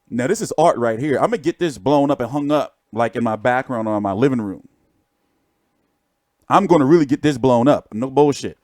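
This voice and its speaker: Joking, profane boxing-channel host. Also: male voice, medium pitch, a little mellow, no echo. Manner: joking, profane, rambling show-and-tell. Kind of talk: casual livestream chat.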